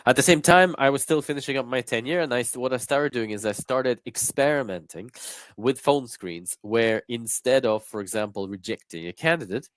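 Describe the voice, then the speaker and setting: A congested, slightly croaky man co-hosting a live stream on a video call, relaxed and full of fillers. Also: medium pitch, normal speed, dry recording. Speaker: co-founder and interview coach.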